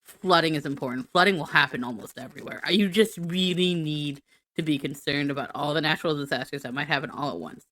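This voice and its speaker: A woman's voice: deep voice, fast, a bit bright. A woman streamer doing a silly, rambling, self-mocking be-right-back rant.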